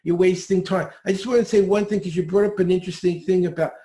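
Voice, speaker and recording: A man's voice: high voice, fairly even intonation, fast talker, dark tone, roomy sound. A man who is a guest on a podcast, teaching speed reading. He gives direct, upbeat, step-by-step instructions.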